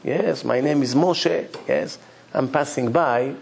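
A man playing a calm, wise old rabbi. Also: medium pitch, takes it slowly, vocal fry, noisy background. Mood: earnest. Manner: earnest, reasoning aloud.

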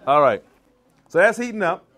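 Sitting high in pitch with a fairly bright tone, this man sounds very animated while keeping a moderate pace. He's a chef from the DC/Maryland area with a Maryland accent, running a live cooking demo in a church hall and playfully quizzing listeners in call and response.

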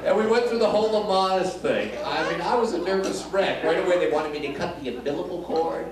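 Wisecracking comic magician on a noisy stage. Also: male voice, sits high, animated, fairly quick. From Detroit, USA. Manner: wisecracking, chatting with the audience. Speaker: magician and comedian. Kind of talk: live stand-up with magic. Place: casino showroom stage. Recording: echoey live room, loud crowd and noise, mic at a distance.

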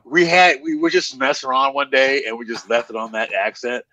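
A man chatting as a guest on a livestream, animated and excitable. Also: medium pitch, fairly quick, no echo. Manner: animated, excitable, swears casually. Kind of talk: casual livestream chat.

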